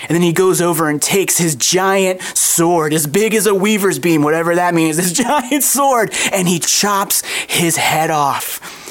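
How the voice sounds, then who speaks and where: Animated conversational preacher. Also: medium pitch, measured pace. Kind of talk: sermon.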